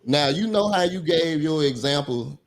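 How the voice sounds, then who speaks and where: A man on a discussion panel, measured, stepping in to make his point. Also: fairly high pitch, expressive.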